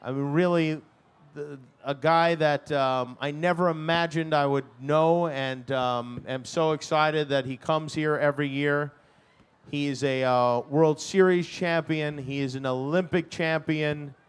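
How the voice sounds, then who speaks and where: A man's voice: a little high, fairly even intonation, measured pace, clear, resonant tone. A man hosting an award presentation, teasing his co-presenter in a playful way. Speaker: event host.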